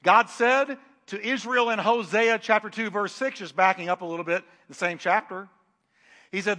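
High, bright-voiced male preacher. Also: moderate pace, big-room sound. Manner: emphatic, shifts between loud declarations and quiet asides. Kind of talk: sermon.

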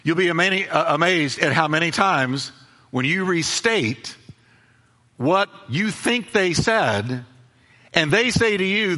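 High, lively pastor preaching in a reverberant hall. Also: male voice, slow. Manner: emphatic preaching with repeated phrases and acted-out dialogue. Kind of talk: sermon.

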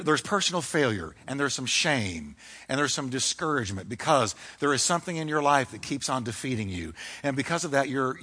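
Male pastor, high bright voice, fiery emphatic sermon delivery. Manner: fiery, emphatic preaching with dramatic shifts.

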